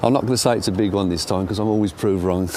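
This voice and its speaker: A man's voice: lowish voice, steady tone, very fast, mellow, soft background music. An older man, chatting self-deprecatingly while fighting a fish outdoors by a lake. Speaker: angler and show presenter. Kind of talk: casual fishing commentary.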